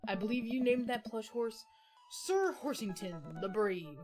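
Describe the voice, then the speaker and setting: A woman reads out an easily embarrassed young adult daughter, in a plain voice that sits a little high. Game music plays clearly behind. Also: lively intonation, measured pace. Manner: read aloud plainly in her own voice. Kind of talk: reading game dialogue aloud.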